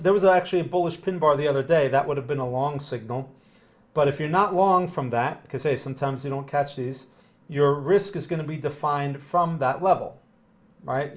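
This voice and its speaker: A man hosting a live chart analysis stream, talking casually and rambling, checking in with "right?" and greeting viewers. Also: on the high side. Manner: casual, rambling, with frequent tag questions. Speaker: market analyst host.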